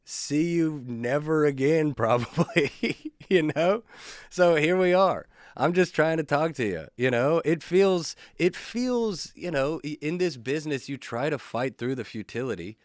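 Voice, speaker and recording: A man's voice: on the high side, animated, a little slow, no room sound, clean studio sound. A male comedian hosting his own podcast, telling stories alone in a laid-back, rambling, profane, self-mocking way. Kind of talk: casual solo podcast storytelling.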